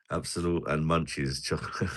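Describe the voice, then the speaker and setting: Deep-voiced British man with a forceful edge, rambling live-stream host, jokey banter. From Britain. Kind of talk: casual live-stream chat while drinking.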